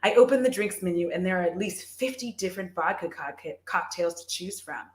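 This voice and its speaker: A woman's voice: lowish voice, lively intonation, brisk, roomy sound. A woman chatting on a casual livestream, rambling and giggling with lots of fillers. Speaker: streamer.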